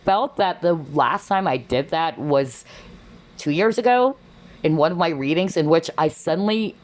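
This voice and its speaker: A woman's voice: low voice, animated, a little slow, a little mellow. A woman giving a chatty collective tarot reading, exclaiming often and filling her talk with fillers. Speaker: tarot reader.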